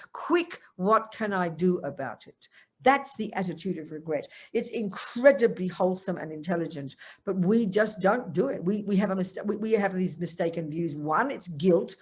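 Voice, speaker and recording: An older woman giving a Buddhist teaching to a group, animated and acting out the voices she quotes. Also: mid-range voice, breathy edge. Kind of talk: Dharma talk to a group.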